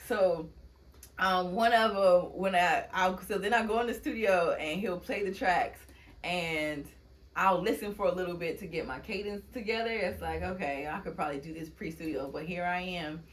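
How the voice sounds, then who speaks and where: Chatty woman with AAVE, lower voice. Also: moderate pace. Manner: chatty storyteller, laughs often, acts out quotes. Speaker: poet and guest. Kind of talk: casual interview chat.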